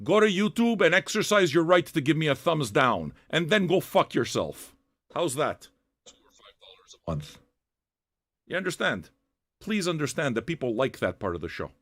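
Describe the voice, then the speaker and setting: An older man hosting a music-reaction livestream, ranting at chat viewers in loud, profane, half-shouted tirades. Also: fairly high pitch, sing-song, moderate pace.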